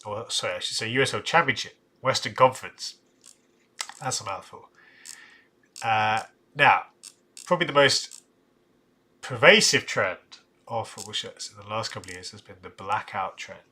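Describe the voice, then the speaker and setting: A man's voice: fairly low pitch, normal speed, pauses often, sharp tone, slightly rough. A man hosting a casual live stream, thinking aloud with restarts and asides. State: tired, yawning. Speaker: live-stream host ranking football shirts.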